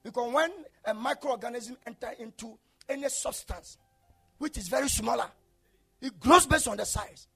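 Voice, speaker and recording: A male preacher delivering an impassioned sermon, swinging between shouted declarations and low murmurs. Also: normal speed, creaky, husky, soft background music.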